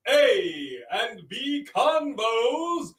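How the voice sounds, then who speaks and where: A man's voice: extremely high pitch, big pitch swings, drawn-out words, fairly bright tone, echoey room, distant mic, pitched above the performer's own voice, exaggerated voice. A man voicing a pompous king who grandly proclaims to his royal subjects. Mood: regal.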